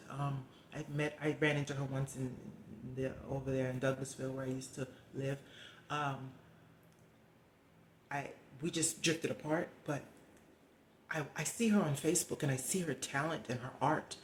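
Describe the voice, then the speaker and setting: A woman's voice: low voice, a little mellow, reverberant, slight background noise. A middle-aged woman talking candidly to camera in a rambling, heartfelt, confiding way. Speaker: vlogger. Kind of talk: candid personal vlog talk.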